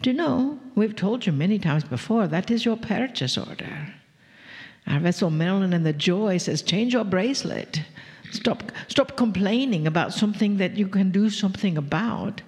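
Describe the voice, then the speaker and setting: A woman channeling a group of gentle, teasing spirit beings who speak as "we", in a slow, half-whispered spiritual talk to a live audience. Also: medium pitch, animated, natural voice. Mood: serene. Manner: slow, drawn-out, half-whispered, playful chuckles. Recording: long reverb of a large hall.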